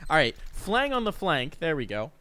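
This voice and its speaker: A man casting esports play-by-play, excitable and jokey with quick reactions. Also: fairly high pitch, clean tone. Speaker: esports caster. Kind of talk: play-by-play commentary. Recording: game gunfire audible behind.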